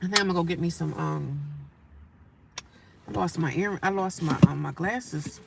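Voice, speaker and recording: A woman livestreaming casual talk from her daily life, animated and emphatic, repeating her points and breaking off to greet passersby. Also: lowish voice, normal speed, vocal fry, heavy background noise. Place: homeless shelter area.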